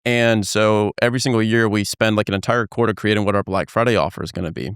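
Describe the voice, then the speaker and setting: Podcast host guy, smooth lowish voice, tells stories fast and lively, dry sound. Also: dry recording. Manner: animated, quick, swears casually. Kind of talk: conversational storytelling.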